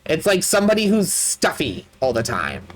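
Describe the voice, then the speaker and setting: A let's play streamer from Canada, chatting casually with viewers over gameplay, excitable and quick to laugh with loud playful outbursts. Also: mid-range voice, rough recording.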